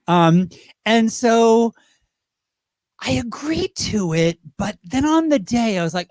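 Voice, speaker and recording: A man in his fifties from Great Britain, working as a drag performer, tells rambling tales as an interview guest, chatty and slipping into impressions. His high voice is expressive, slow, and a little mellow, in a dry, studio-quality recording.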